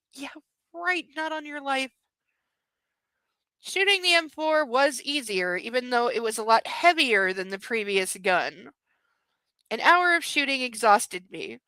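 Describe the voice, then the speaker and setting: A woman's voice: on the high side, pushed and bright, clean tone, dry recording, poor audio. A young woman hosting a book club, reading a novel aloud with sarcastic, mocking asides. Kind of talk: comedic book reading with commentary.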